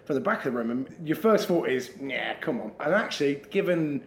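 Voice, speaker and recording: A man's voice: a little high, expressive, fairly quick, a little hiss or hum. A man, a stand-up comedian telling stories in casual chat, laughing as he goes and acting out both sides of his exchanges. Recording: roomy echo.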